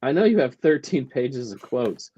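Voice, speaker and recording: A man's voice: mid-range voice, very animated, moderate pace, warm tone, slightly rough. Wry man on a dull lo-fi line. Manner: wry, dry humor. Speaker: podcast co-host. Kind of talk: casual chat. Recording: dull lo-fi dry sound.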